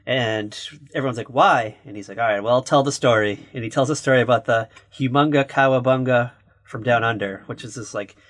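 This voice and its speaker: A man's voice: medium pitch, a bit bright. A man co-hosting a podcast, casually recapping a movie in a loose, rambling way with lots of "like"s. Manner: loose, rambling retelling with many "like"s and quick quoted bits. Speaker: podcast co-host.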